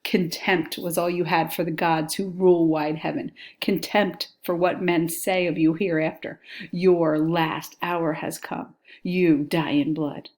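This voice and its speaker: A woman reading aloud the lines of a furious, vengeful king in a slow, grave, threatening way. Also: lowish voice, flat delivery, a little mellow, natural voice. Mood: grim, threatening. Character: furious vengeful king, older man, grim.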